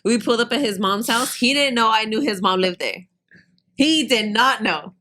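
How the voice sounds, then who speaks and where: A woman telling a story in casual podcast chat, blunt and animated, acting out what people said. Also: on the high side, normal speed, a little hiss or hum. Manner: blunt, animated, laughing, acts out dialogue. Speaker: podcast guest.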